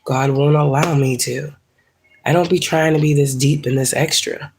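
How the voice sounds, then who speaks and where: A woman's voice: low voice, fairly even intonation, normal speed, a little mellow, slight background noise. A woman in her thirties chatting casually on a livestream, rambling and profane, laughing often, congested from allergies. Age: 30s. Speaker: spiritual livestreamer. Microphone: phone.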